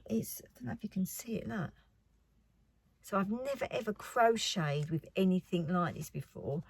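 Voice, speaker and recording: Slow, soft-spoken woman. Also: medium pitch, no echo. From United Kingdom. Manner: chatty and rambling, often dropping to a near whisper. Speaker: craft vlogger. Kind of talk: casual haul chat.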